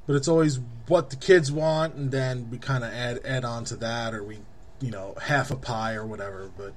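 A man's voice: medium pitch, fairly even intonation, normal speed. A man, around his thirties, joking through a casual chat as a podcast co-host and laughing easily.

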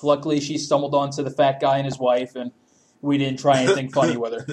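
A man's voice: medium pitch, little pitch movement, quick pace, darkish tone, a little hiss or hum. A man telling a story in casual chat, laughing often, swearing freely and acting out what people said.

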